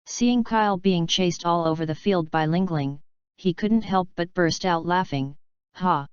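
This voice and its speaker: A woman narrating an action story in a steady, even storytelling manner. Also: lowish voice, measured pace, smooth, no room sound. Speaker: audiobook narrator. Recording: dry, slightly dull lo-fi sound.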